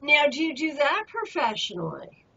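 A woman's voice: sits high, huge pitch swings, moderate pace, gravelly, pushed and bright. A woman hosting an interview, asking eager, gushing questions. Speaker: host. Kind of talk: casual interview chat. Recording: muffled lo-fi audio.

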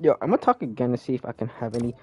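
A man's voice: medium pitch, sing-song, rapid-fire. Young man cursing through gameplay. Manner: loud, swearing, exasperated outbursts. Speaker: gamer streamer. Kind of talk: casual gameplay commentary.

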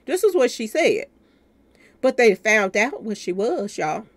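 Animated woman hosting a gossip channel. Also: fairly high pitch, unhurried. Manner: talks straight to viewers, calling them y'all. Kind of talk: commentary on a news clip.

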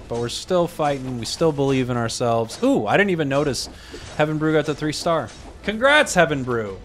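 A young man giving casual, chatty commentary over a game he is playing, often trailing off and muttering to himself as he moves pieces around. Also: mid-range voice.

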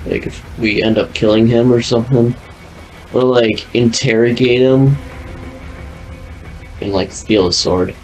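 A man's voice: medium pitch, fairly even intonation, a little slow, pauses often, darkish tone, faint music behind, poor audio. A young man casually commenting on his video game playthrough, rambling and joking with lots of "like". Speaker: gaming video host.

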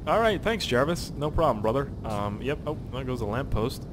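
A man's voice: medium pitch, sing-song, moderate pace, background noise. A young man with a Canadian accent giving casual, rambling gameplay commentary, chatty and sweary, with lots of fillers and repeats. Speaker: gaming channel host.

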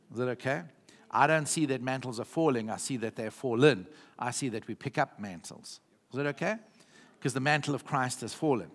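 A man with a South African accent preaching a sermon as pastor, with emphatic repetitions, often checking in with the congregation. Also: medium pitch. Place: church hall. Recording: reverberant church hall.

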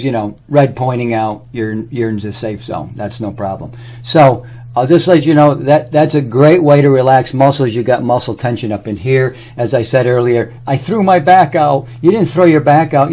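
With a mellow, mid-range voice, a man speaks casually to the camera, rambling through stories while showing a health product on his own body.

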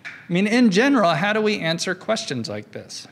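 A man's voice: sits high, very animated, moderate pace, gravelly, a bit bright. A middle-aged man giving a university philosophy lecture in a conversational way, often checking in with the audience with "right?" between thoughts. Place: lecture hall. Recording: long reverb of a lecture hall.

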